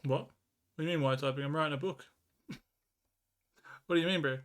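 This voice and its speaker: A man with a somewhat high voice chats casually on a live stream, easygoing and joking as he answers viewers. Keyboard clicks and typing carry on behind him. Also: fairly even intonation, brisk. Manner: laid-back, answers chat, jokey. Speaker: livestreamer writing a book.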